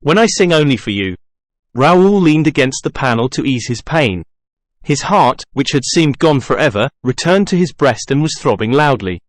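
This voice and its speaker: A man reading a classic novel aloud as a narrator, in an even, measured way with little character acting. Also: medium pitch, no echo, studio quality. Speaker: audiobook narrator. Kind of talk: scripted narration.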